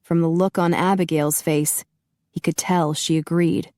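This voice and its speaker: A woman narrating a paranormal romance audiobook in a steady, even storytelling manner. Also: low voice, measured pace, no echo. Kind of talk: scripted narration.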